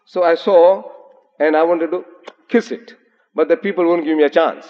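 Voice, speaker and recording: Older man lecturing in an echoey hall. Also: on the high side. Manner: animated storyteller, slow for emphasis, recites Arabic. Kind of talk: public lecture with storytelling. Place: large hotel lecture hall. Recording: dull, echoey 1980s lecture hall recording.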